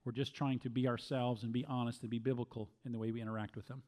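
Middle aged guy pastor doing q&a, calm measured talk, keeps restarting his sentences. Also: medium pitch. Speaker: pastor answering questions. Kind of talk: Q&A teaching talk.

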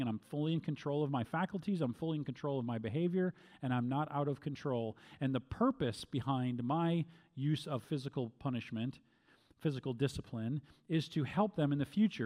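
A middle-aged man answering questions as a pastor, speaking calmly and measuredly, with frequent restarts. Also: medium pitch, fairly quick. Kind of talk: Q&A teaching talk.

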